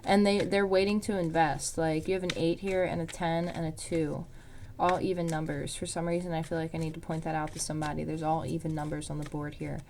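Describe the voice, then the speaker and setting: A woman's voice: low voice, level tone, a little fast, hardly any pauses, darkish tone, slight background noise. Rambling woman giving a tarot reading. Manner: rambling, many fillers like "um" and "like". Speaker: tarot reader.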